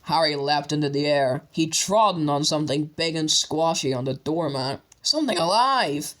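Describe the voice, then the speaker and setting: A man narrating an audiobook with steady storytelling. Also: on the high side, moderate pace.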